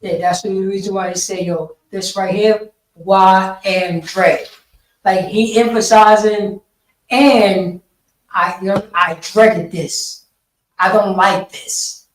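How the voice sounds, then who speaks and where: During a Sabbath class in a meeting hall, a man with a high, fairly even voice slowly explains Hebrew words in a loose, repetitive, slangy manner. The recording has slight background noise and a roomy echo, with the speaker far from the mic.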